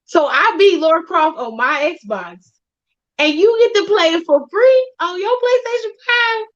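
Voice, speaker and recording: A woman's voice: very high voice, animated, a little slow. A woman co-hosting a casual chat, talking bluntly and profanely and laughing often. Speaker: podcast co-host. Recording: dull lo-fi sound.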